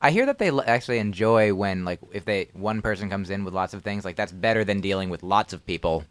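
A comedian man joining a podcast, riffing in rambling bits full of false starts. His pitch moves a lot as he builds the jokes. The sound is dry and close. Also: animated, quick pace, no echo. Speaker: comedian guest. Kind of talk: casual comedic chat.

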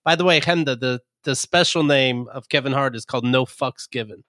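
A man's voice: mid-range voice, a little fast, sharp tone, no room sound, studio quality. A man co-hosting a podcast, telling a story in casual comedic chat, incredulous and profane, with stumbling restarts. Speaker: podcast co-host.

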